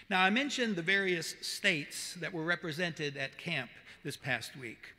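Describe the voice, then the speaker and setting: Pastor, male, Southern accent, high bright voice, earnest measured sermon, long church reverb. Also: expressive. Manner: earnest, measured preaching with emphatic repetition. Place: church sanctuary.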